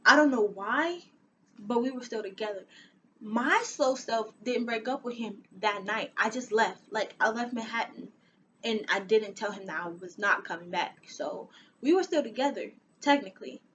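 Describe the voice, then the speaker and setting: A young woman with a high voice tells a personal story on her vlog. She is animated and dramatic, with sighs and laughs. A faint hum of noise sits behind her at home. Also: moderate pace. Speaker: vlogger.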